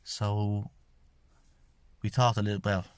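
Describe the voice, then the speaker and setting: An Irish shamanic healer who hosts a podcast takes his time, speaking slowly in a fairly low, level voice with a clean tone in a dry recording. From Ireland, he recounts his own story in a rambling way, repeating "I says" while retelling conversations.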